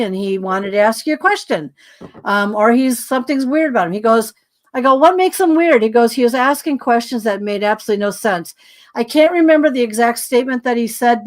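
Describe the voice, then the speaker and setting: A woman guest telling a story in casual conversation, acting out dialogue with lots of fillers and sounding tired. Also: on the high side. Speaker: podcast guest.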